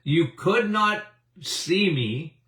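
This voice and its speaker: A man's voice: high voice, animated, extremely slow, a bit bright. A man in his seventies, a doctor hosting a health talk, speaking emphatically with repetitions and chuckles. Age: 70s. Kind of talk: animated health talk to an audience. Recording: roomy, distant mic.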